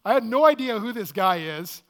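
A man telling a personal story in an excitable, animated way, as a speaker addressing listeners. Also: high-pitched, moderate pace.

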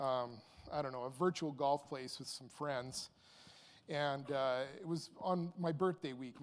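A man in his fifties telling a personal anecdote aloud, animated and rambling with fillers and restarts. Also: fairly high pitch. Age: 50s. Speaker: storyteller. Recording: long hall reverb.

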